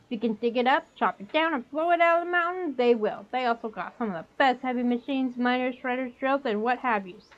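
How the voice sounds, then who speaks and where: A woman's voice: fairly high pitch, brisk, few pauses, dull audio, lightly acted. A woman voicing a streetwise old female goblin fixer with a put-on New York accent, folksy and conspiratorial. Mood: gossipy.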